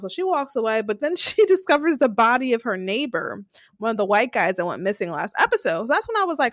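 A young woman with a slightly high voice chats casually as a podcast co-host. She retells scenes with animated bursts and acted-out quotes. The sound is dry and close. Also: quick pace, dry recording. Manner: animated retelling, acting out characters' lines. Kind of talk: casual recap chat.

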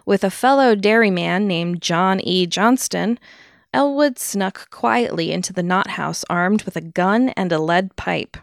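A woman with a mid-range voice, a little slow and with vocal fry, co-hosts a podcast and tells a true-crime history casually. She laughs often between the facts, and the recording is dry and studio quality.

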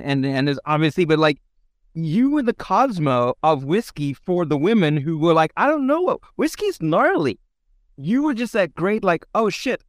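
A man's voice: on the high side, no echo, studio quality. A man hosting a casual interview, telling stories animatedly and swearing freely. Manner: animated storyteller who acts out quotes, swears freely. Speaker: podcast host.

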